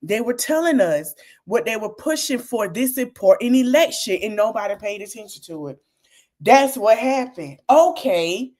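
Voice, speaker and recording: A woman hosting a podcast, talking to her audience in an animated, casual way about politics and laughing often. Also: mid-range voice. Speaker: podcast host.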